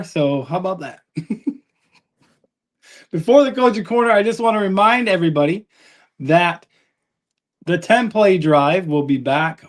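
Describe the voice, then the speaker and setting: A man hosting a live sports podcast, chatty and upbeat as he reads viewer comments aloud. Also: fairly high pitch. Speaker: podcast host.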